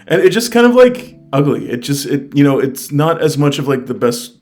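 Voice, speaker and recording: A man's voice: a little high, very animated, moderate pace, darkish tone. A young man from the United States chatting casually in a travel vlog, candid and upbeat, full of fillers. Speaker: travel vlogger.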